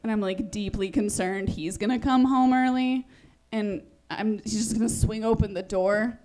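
A woman's voice: mid-range voice, moderate pace, mellow. A young woman comedian telling a rambling, self-deprecating stand-up story, full of "like" and "um". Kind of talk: stand-up monologue.

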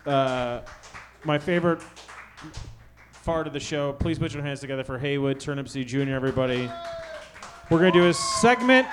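Dry-witted man host, slightly high voice. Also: a little hiss or hum. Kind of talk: comedy show hosting.

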